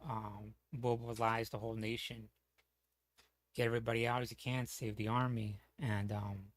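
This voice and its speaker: A man's voice: mid-range voice, level tone, moderate pace. A man talking casually as a streamer, rambling with lots of fillers, restarts and casual swearing.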